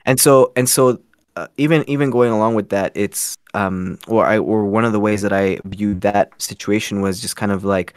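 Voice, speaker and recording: A young man from Canada tells a story in a rambling way, restarting sentences and filling pauses. His voice sits a little low and the sound is dry and close, with no room around it. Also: smooth, no echo. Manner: rambling, many restarts and fillers. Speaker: guest, scambaiter. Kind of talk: casual storytelling interview.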